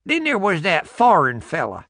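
A man's voice: high-pitched, wildly swooping pitch, moderate pace, a bit bright, no echo, studio quality, voice pushed up, full character voice. A man voicing a laconic old rural backwoods man with clipped, folksy replies.

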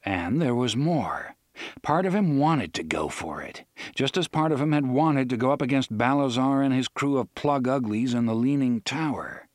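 A man narrating an audiobook in a measured storytelling manner. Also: medium pitch, animated, darkish tone, dry recording, studio quality. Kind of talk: scripted narration.

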